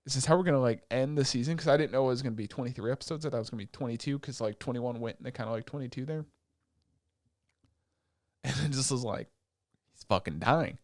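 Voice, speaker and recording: Animated, swearing podcast co-host man. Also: medium pitch, fast talker, long pauses, dry recording, clean studio sound. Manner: animated, swearing, acts out characters' lines. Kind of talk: casual chat recapping anime.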